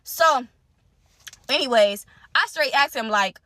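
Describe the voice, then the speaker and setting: A young woman telling viewers a personal story in casual vlog talk, animated and direct, acting out what others said. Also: slow pace, no room sound. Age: young adult. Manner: animated, talks straight to viewers, acts out quotes; wide swings in pitch and loudness. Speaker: storyteller vlogger.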